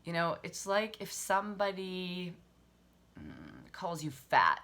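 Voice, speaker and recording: A woman's voice: on the low side, wildly swooping pitch, slow, sharp tone. A woman relationship coach giving a casual motivational talk, candid and swearing freely, laughing often as she acts out harsh inner voices.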